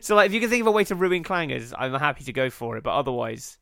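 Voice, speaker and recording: A man's voice: mid-range voice, big pitch swings, fast talker, gravelly, fairly bright tone, clean tone, no room sound, studio quality. A man co-hosting a comedy podcast, riffing crudely and laughing as he swears freely through the banter. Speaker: podcast co-host.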